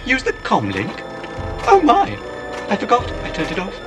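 C-3PO, a fussy fretful robot. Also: male voice, high-pitched, huge pitch swings, normal speed. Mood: fretting. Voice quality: prim, formal, fretful. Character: fussy anxious male protocol robot. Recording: film soundtrack with music, distant.

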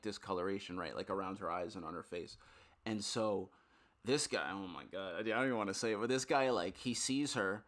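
A young man co-hosting a podcast tells a story casually, full of swearing and fillers. His voice is lowish but bright and forward, and he talks in an animated way. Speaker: podcast co-host.

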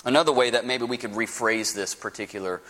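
A man preaching a sermon as pastor, with a lively storytelling manner and folksy asides. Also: medium pitch, fast talker. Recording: preached in a reverberant hall.

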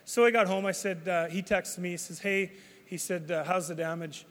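Pastor in a reverberant hall. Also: male voice, sits high, steady tone, moderate pace, a bit bright. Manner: storytelling, conversational, many restarts. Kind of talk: sermon.

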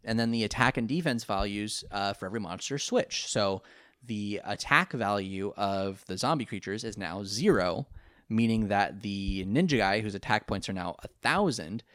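With a lowish, clean-toned voice, a man chats casually on a podcast, rambling through a cartoon episode recap and acting out what the characters say in put-on voices. The audio is studio quality, with no echo.

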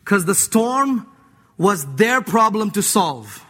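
High bright-voiced male preacher. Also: very animated, takes it slowly. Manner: emphatic, swings between loud urging and low asides. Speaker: pastor. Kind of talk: sermon. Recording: long hall reverb.

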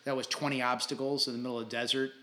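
A man in his sixties, a podcast guest telling stories in a casual interview, animated and quick to laugh, often restarting his sentences. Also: medium pitch. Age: 60s. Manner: animated, laughing storyteller who stumbles over restarts.

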